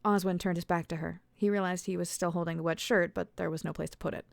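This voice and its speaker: A woman, an author reading her own novel aloud in a measured, steady way. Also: lowish voice, vocal fry, dry recording. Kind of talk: storybook narration.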